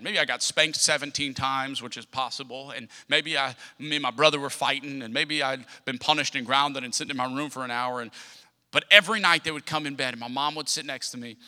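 A man's voice: on the high side, pushed and bright. A man, preaching a sermon in an impassioned, repetitive cadence. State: tearful at times. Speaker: pastor. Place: church sanctuary. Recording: long church hall reverb.

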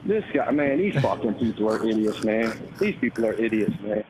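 A man's voice: fairly low pitch, animated, a little fast, crowd noise. A male caller in casual call-in chat, profane and ending nearly every phrase with "man". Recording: lo-fi call with faint noise.

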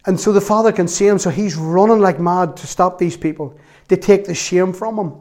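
Chatty lay preacher. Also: male voice, high-pitched, a little fast. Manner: animated, chatty storyteller with asides and laughs. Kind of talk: storytelling sermon.

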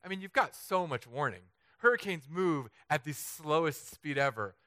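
A man from Southern California preaching a humorous storytelling sermon, animated and self-mocking, acting out the voices he quotes. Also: fairly high pitch, moderate pace, dry recording. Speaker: pastor.

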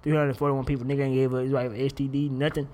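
A young man hosting a casual commentary show, animated and profane, laughing often. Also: mid-range voice, fast talker, slight background noise. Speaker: podcast host.

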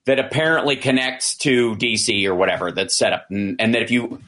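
A lowish-voiced male commentator talks a little fast, casually retelling events with animation. He acts out quoted dialogue and makes frequent restarts and fillers.

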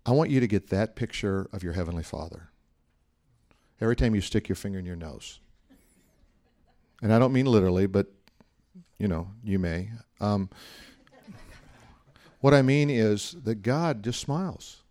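A man's voice: lowish voice, normal speed, long pauses, mellow. A man, a pastor, giving a sermon in a conversational, humorous style full of anecdotes.

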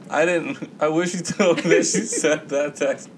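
A man's voice: fairly high pitch, steady tone, takes it slowly, a little hiss or hum, poor audio. Profane rambling podcast storyteller man. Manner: rambling, profane, acts out quoted voices. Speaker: podcast co-host. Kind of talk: casual storytelling chat.

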